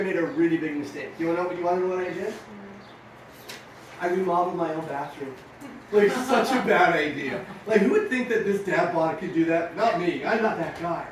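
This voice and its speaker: A middle-aged man giving an energetic motivational talk to young riders as their coach, telling stories and acting out the dialogue. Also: sits high, slight background noise. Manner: energetic, storytelling, acts out dialogue. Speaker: riding coach. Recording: echoey room, far from mic.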